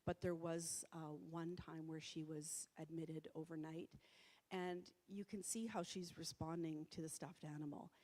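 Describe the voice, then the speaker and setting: Low-voiced woman speaking in a hall. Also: steady tone, unhurried, darkish tone. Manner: conversational, with many fillers and restarts. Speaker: presenter. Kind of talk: public talk. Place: church hall. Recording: reverberant hall.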